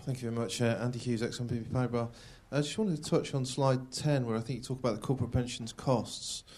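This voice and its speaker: A man's voice: mid-range voice, steady tone, fast talker, darkish tone. A man, a financial analyst, politely and methodically asking a question at a results briefing.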